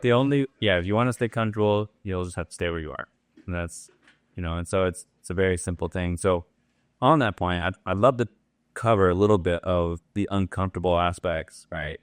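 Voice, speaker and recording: A man hosting an interview, talking in a relaxed, reflective way and asking open questions. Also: low-pitched, no echo, studio quality. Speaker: host. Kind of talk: casual interview talk.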